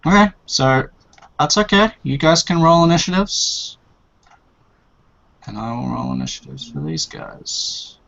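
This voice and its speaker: A man acting as dungeon master in a tabletop game, speaking slowly with many pauses and fillers. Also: on the high side, huge pitch swings, vocal fry, a bit bright. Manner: slow, unhurried, with many fillers. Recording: dull lo-fi sound.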